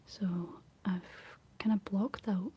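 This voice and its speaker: A Scottish woman whispering softly in a rambling ASMR chat, answering her livestream viewers. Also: medium pitch, steady tone, slow, husky. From Scotland.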